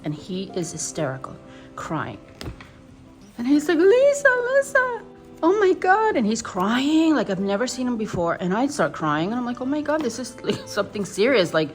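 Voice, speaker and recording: Rambling New woman telling a story. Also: fairly low pitch. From New York. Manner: rambling, emotional, with many restarts. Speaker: doll vlogger. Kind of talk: casual storytelling vlog.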